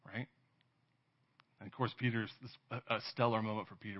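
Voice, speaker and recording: A man's voice: fairly low pitch, steady tone, a little fast. A man preaching a conversational sermon. He keeps checking in with "right?", laughs now and then and acts out quoted voices. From California. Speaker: pastor. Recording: dull lo-fi sermon audio.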